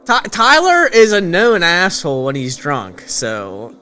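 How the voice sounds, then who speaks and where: A man in casual podcast chat who laughs a lot and speaks slowly. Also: high voice, wildly swooping pitch, pushed and bright, smooth. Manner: laughs a lot, slow and drawn out.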